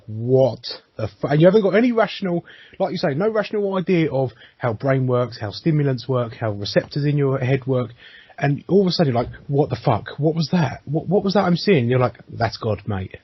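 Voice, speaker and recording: A man's voice: medium pitch, animated, brisk, slightly rough, no echo. A man co-hosting a podcast, chatting casually, laughing often, swearing, and acting out quoted voices. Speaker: podcast co-host. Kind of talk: casual chat. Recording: dry, muffled lo-fi sound.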